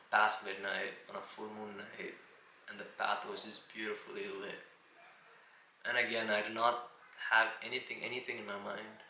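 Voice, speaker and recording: A man telling a personal story in an unhurried, reflective way, often circling back with "and again". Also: lowish voice, creaky, sharp tone. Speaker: video diarist. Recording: roomy echo, faint background hiss.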